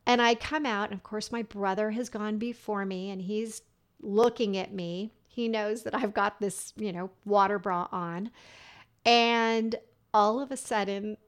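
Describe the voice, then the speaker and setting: A woman hosting a podcast, telling a funny personal story in a chatty way and laughing along as she goes. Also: mid-range voice. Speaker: podcast host.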